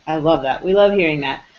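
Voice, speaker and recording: A woman hosting a live online chat show, upbeat and quick to laugh. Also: low-pitched. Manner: bubbly, upbeat, laughs easily. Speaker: host. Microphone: video call. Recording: dull lo-fi web call audio.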